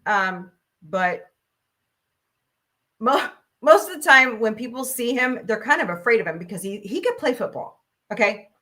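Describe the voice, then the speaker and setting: A woman's voice: fairly high pitch, animated, measured pace, pauses often, sharp tone. A woman in her forties hosting a casual talk stream, ranting bluntly and profanely, laughing often. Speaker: host.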